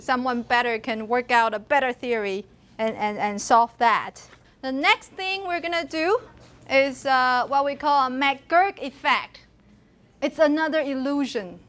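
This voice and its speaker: A woman's voice: sits high, fairly bright tone. A female university lecturer with a Taiwanese accent, giving a classroom lecture and often asking the students questions and laughing.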